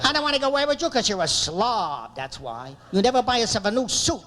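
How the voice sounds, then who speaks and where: A man voicing a shrill, fed-up middle-aged wife who scolds her husband. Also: sing-song, noisy background. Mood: scolding. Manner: shrill, scolding, rapid complaints.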